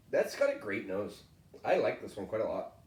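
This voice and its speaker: A man's voice: on the low side, very animated, a little slow, a little mellow, reverberant, far from the mic. A man co-hosting a whisky tasting, chatting in an easygoing, agreeable way. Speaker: whisky reviewer, co-host. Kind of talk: casual tasting chat.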